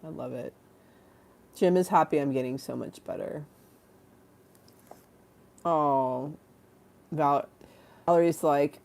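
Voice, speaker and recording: A woman's voice: deep voice, takes it slowly, creaky, long pauses, darkish tone. A tired, yawning woman hosting a casual livestream talk show, rambling and self-mocking, laughing often and reading chat aloud.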